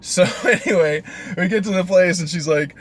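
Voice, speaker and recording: Brief: young male driver, casual exasperated storyteller, slightly higher voice, faint car noise. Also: normal speed. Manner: chatty, filler-heavy, exasperated retelling. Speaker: rideshare driver.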